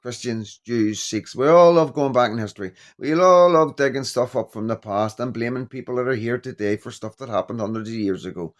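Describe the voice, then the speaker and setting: A man vlogging in a rambling casual commentary, halting and full of "you know what I mean". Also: medium pitch.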